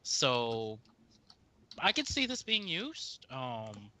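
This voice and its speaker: Very bright-toned rambling man. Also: mid-range voice, huge pitch swings, extremely slow. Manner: rambling, filler-heavy. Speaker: podcast panelist. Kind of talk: casual chat.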